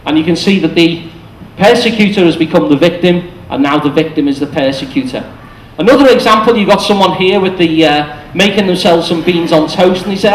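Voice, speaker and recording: A man gives a short public talk in a chatty, explanatory way. His voice sits fairly high, and he speaks from the front of a cafe venue. The room adds a noticeable echo. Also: fairly quick, slight background noise. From England. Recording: echoey room.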